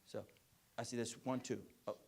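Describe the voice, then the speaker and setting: Male keynote speaker, mid-pitched, animated storyteller who slips into character voices, emphatic and repetitive. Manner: animated storytelling, acts out parents and children in quick voices; emphatic, repetitive rhetorical phrasing. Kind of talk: keynote speech with audience Q&A.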